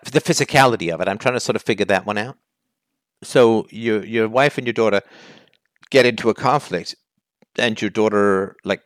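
A man's voice: fairly low pitch, fairly bright tone, no room sound, clean studio sound. A man hosting a call-in advice show, talking bluntly and challenging the caller with heat.

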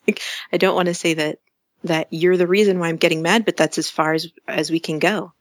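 Woman, caller, slightly low voice, dry sound, tentative, restarts sentences. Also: steady tone, brisk, no echo. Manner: soft, tentative, restarts and nervous laughs. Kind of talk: call-in advice talk.

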